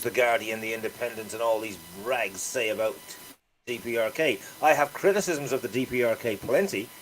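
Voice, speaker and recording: A man's voice: mid-range voice, poor audio. Man, casual political chat, rambling and sweary, faint hiss behind. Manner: rambling, profane, with frequent restarts.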